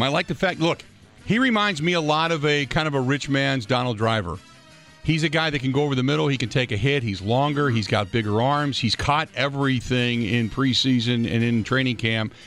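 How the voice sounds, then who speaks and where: A man's voice: mid-range voice, fairly bright tone. A man hosting a sports radio show, bantering and laughing easily with his guest. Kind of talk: casual sports radio chat.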